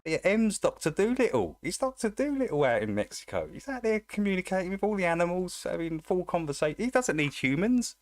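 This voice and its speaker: A man's voice: high voice, fairly quick, few pauses, no echo. A man hosting a livestream, reacting to a video in a casual, amused and laughing way. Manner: amused, laughing, animated retelling. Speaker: livestream host. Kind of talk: casual live chat reacting to a clip.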